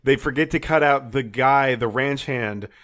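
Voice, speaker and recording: A man's voice: mid-range voice, normal speed, fairly bright tone. A man co-hosting a podcast, chatting in an easygoing, agreeable way and explaining things at length. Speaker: podcast co-host. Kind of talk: casual chat.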